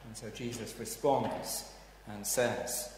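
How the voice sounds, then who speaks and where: A man's voice: on the low side, fairly even intonation, slow pace, a little hiss or hum. Man preaching in an echoey hall. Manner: dramatic, swings from hushed to loud exclamations. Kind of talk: sermon. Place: church. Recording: echoey hall, heard from a distance.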